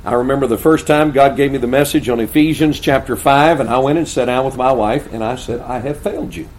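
A man's voice: medium pitch, fairly quick, slight background noise. An older man preaching a sermon to pastors, with earnest, folksy storytelling.

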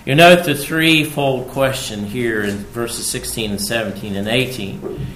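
A male preacher delivering a sermon at an unhurried, deliberate pace. His voice sits in a middle register and rings with a roomy echo. He drives points home by repeating them, dropping low and then rising loud. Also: a little hiss or hum. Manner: emphatic, repeats key phrases, swings from hushed to loud.

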